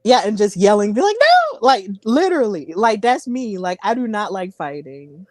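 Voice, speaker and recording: A woman's voice: mid-range voice, lively intonation, moderate pace, a little mellow, dry recording. A woman hosting a wrestling podcast, chatty and giggly, often repeating herself. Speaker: podcast host. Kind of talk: casual podcast interview.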